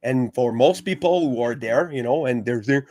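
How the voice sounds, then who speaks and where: In a heated, casual podcast discussion, a male host argues passionately, swearing a lot and stumbling into restarts. His voice is mid-range with a dark tone, captured dry at studio quality.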